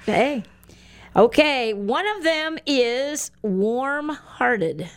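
A woman's voice: sits high, animated, drawn-out words, smooth. Older woman, radio talk host, friendly, asks leading questions, casual chat.

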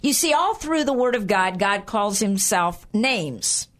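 A woman's voice: mid-range voice, lively intonation, unhurried. Older woman teaching the Bible, chatty. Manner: chatty, laughing, with frequent okays. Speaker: co-host of a Christian program.

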